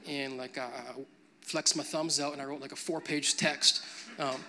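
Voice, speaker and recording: Bright-voiced man preaching a sermon. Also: medium pitch, level tone, unhurried. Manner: conversational, builds to emphatic preaching. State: briefly choked up with emotion.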